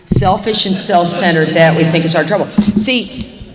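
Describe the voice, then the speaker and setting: A middle-aged woman speaks to a live meeting audience in a recovery talk. She is animated and acts out quick little exchanges as she makes her points. Her voice carries with a long hall reverb over a faint hiss. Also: lowish voice.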